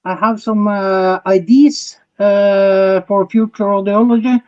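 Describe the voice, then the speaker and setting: A man from Norway with a Norwegian accent, a podcast guest who answers in a halting, thoughtful way. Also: high voice, steady tone, a little mellow, clear, resonant tone. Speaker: podcast guest, audiology innovator. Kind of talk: casual interview answers. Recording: dull, muffled remote audio.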